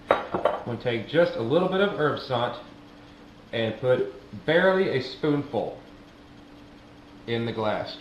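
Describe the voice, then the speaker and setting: A man casually demonstrating how to mix a cocktail, explaining each step as he goes. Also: medium pitch. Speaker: cocktail maker. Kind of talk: casual instructional demo. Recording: roomy, muffled, faint background noise.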